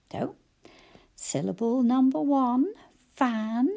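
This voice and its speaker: A woman teacher slowly sounding out letters and syllables for young children in a phonics lesson, praising them cheerfully. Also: medium pitch, very animated, gravelly, mellow, breathy edge. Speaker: primary school teacher.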